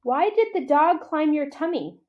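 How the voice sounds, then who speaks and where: A woman's voice: sits high, lively intonation, moderate pace, dull audio, voice pushed up. Woman doing a tiny piping elephant calf. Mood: curious. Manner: small clear piping voice, eager questions. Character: tiny young female elephant calf, curious.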